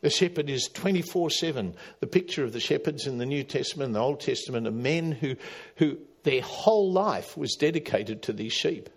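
Pastor preaching with dramatic swings. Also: male voice, mid-range voice, lively intonation, fairly quick, slightly rough. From Australia. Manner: dramatic, rising to loud emphatic calls then dropping quiet. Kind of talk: sermon.

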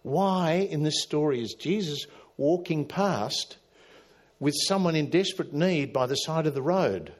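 Pastor preaching with dramatic swings. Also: male voice, fairly high pitch, expressive, measured pace. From Australia. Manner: dramatic, rising to loud emphatic calls then dropping quiet. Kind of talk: sermon.

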